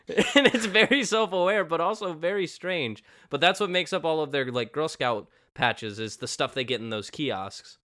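A man co-hosting a podcast in casual chat, animated and acting out quotes in little voices. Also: on the high side, a little slow. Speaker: podcast co-host.

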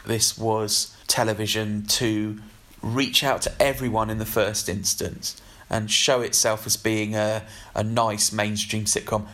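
A man co-hosting a casual chat about television, speaking in a measured, articulate, wry way. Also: lowish voice, a bit bright. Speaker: podcast co-host.

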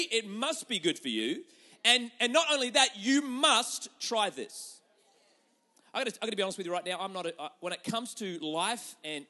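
A man with a notably high voice preaches from the pulpit, animated and storytelling, dropping to hushed tones then surging loud again. He's a young adult pastor with a conversational, joking delivery. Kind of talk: sermon.

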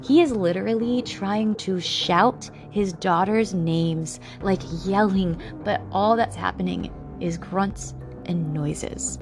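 A woman's voice: medium pitch, takes it slowly, music in the background. A woman narrating a true-crime podcast, emotional and blunt, swearing freely as she tells the story. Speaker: podcast host.

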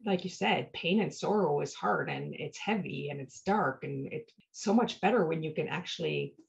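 A woman's voice: low-pitched, normal speed, vocal fry. A woman hosting a podcast, telling personal stories in a casual, heartfelt way and often checking in with "right?". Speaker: podcast host. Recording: dull lo-fi sound.

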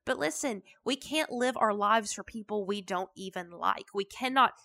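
A woman hosts a motivational podcast, speaking at normal speed with a medium pitch. Her bright, forward voice carries a gravelly fry, and her style is chatty, folksy, and emphatic.

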